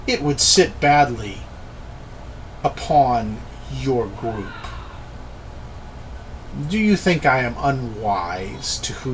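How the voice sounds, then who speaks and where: A man voicing a calm, menacing male spellcaster with a slight African accent, speaking quietly and measuredly. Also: mid-range voice, a little hiss or hum, rough recording.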